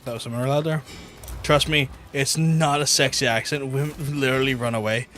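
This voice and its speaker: Chatty, sweary Irish streamer. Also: male voice, medium pitch, steady tone, fairly quick, a bit bright. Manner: chatty, blunt and sweary, with many restarts and 'like'. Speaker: gaming streamer. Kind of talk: casual livestream chat while gaming. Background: game music.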